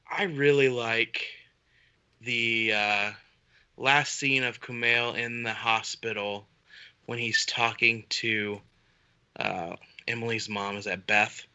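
A man's voice: mid-range voice, steady tone, slow pace, long pauses, pushed and bright, clear, resonant tone, highs cut off. A man co-hosting a casual chat podcast, speaking with enthusiasm and laughing often as he talks. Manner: enthusiastic, laughs while talking. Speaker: podcast co-host.

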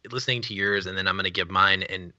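A man with a low voice and a bright, tense edge talks thoughtfully and earnestly on a casual podcast. The recording sounds dry and dull, with a lo-fi quality. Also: fairly even intonation, fast, dry recording. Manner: reflective, earnest. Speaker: podcast co-host. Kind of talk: casual chat.

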